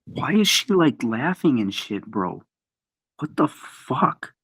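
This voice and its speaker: Young male guest, lively and bright, swearing, disbelieving. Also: mid-range voice, slow pace, breathy edge, no room sound. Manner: incredulous, swearing, slangy. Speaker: podcast guest. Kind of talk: casual banter.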